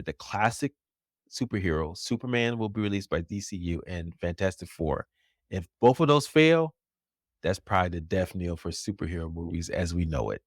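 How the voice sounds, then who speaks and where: Male podcast co-host, low voice that swings a lot in pitch, excitable chat, dry close sound. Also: no echo. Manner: animated, laughs often. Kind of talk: casual pop culture chat.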